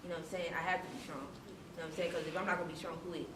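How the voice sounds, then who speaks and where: A woman talks candidly and casually, her words trailing off. She is far from the mic. An echoey hall and clear background noise surround her voice. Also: on the low side, flat delivery, rapid-fire. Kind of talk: sharing at a community forum.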